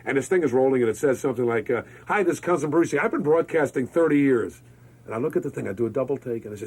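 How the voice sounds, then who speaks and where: A man in his fifties with a husky, slightly breathy voice. He talks with exuberant energy and an easy, mid-range pitch, like a veteran radio personality trading stories in an interview. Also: expressive, very fast, a little mellow, rough recording. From Brooklyn, New York. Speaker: radio disc jockey, guest. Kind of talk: interview conversation.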